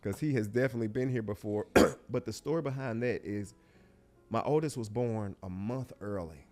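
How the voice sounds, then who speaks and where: Low-voiced man telling a heartfelt story. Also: soft background music. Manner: heartfelt, reflective, often hushed and halting. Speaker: guest. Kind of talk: personal storytelling interview.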